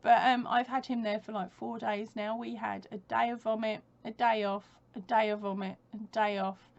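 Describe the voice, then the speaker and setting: Chatting casually at home for her crochet vlog, a woman rambles, laughs a lot and corrects herself as she goes. Her slightly high voice is creaky, with little pitch movement and a moderate pace. The highs are cut off.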